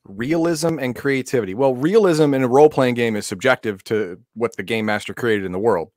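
A man's voice: mid-range voice, a little fast, darkish tone, dry recording, clean studio sound. A man, a guest on a casual panel discussion, explaining ideas and repeating small words as he thinks.

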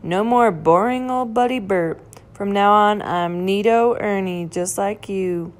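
A woman's voice: medium pitch, unhurried, natural voice. A woman reading a storybook aloud, voicing a serious, fussy young male puppet friend in a raised, earnest voice.

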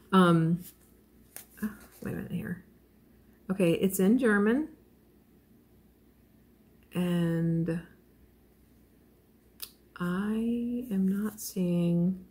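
Gushing, rambling woman crafter. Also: mid-range voice. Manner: gushing, self-deprecating, rambling with frequent fillers and small laughs. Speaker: crochet vlogger. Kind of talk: casual unboxing chat.

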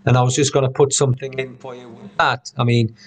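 A man's voice: medium pitch, flat delivery, quick pace. Rambling man teaching harmonica online. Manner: rambling, many "you know"s and restarts. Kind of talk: casual online lesson. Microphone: video call computer mic.

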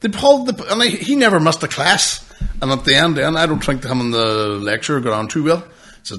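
A man's voice: fairly high pitch, expressive, brisk, a bit bright. A young man, co-hosting a podcast with sweary, laughing banter and stories. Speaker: podcast co-host. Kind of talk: casual storytelling chat.

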